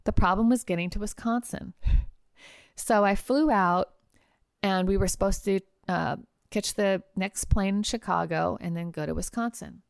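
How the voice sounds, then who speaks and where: A woman hosting a podcast, telling a personal travel story in a chatty, animated way with casual fillers. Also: mid-range voice, moderate pace, gravelly, smooth, no room sound, clean studio sound. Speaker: podcast host and trial lawyer.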